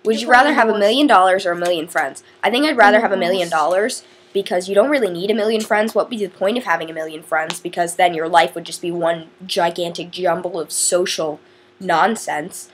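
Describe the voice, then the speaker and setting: A woman's voice: fairly low pitch, fast talker. Chatty woman rambling through a vlog challenge. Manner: chatty, giggly, self-interrupting. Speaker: vlogger. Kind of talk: casual rambling audio challenge.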